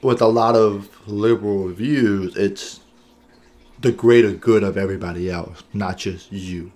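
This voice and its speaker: This man co-hosts a podcast in a relaxed conversation, his lowish, darkish voice steady and measured. He's earnest, thinks out loud, and keeps asking "right?" and "you know what I'm saying?"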